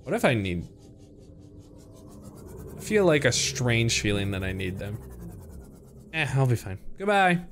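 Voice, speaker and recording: A man's voice: medium pitch, very animated, a little slow, pauses often, background noise. A young man streaming a game, chatting playfully to his viewers and to the creatures on screen. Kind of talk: casual gameplay commentary.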